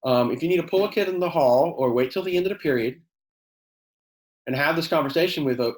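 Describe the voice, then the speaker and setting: A man's voice: fairly high pitch, lively intonation, a little fast. Chatty male chemistry teacher, echoey room. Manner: conversational, many fillers, acts out quoted exchanges; self-described sarcastic. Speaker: high school chemistry teacher leading a workshop. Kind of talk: teacher workshop talk.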